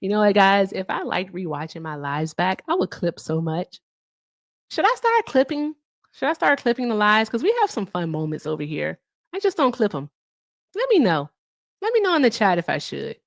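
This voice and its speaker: A woman's voice: mid-range voice, sing-song, moderate pace, vocal fry, no echo. Brash, chatty woman streamer. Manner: brash, chatty, curses freely, hums and sings filler. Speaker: livestream host. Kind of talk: casual livestream chat.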